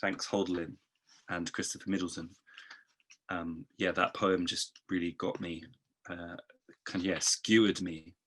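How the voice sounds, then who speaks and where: A man reading his poems aloud, expressive in the verse and hesitant and chatty between poems. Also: sits low, a little slow, long pauses. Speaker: poet. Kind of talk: poetry reading.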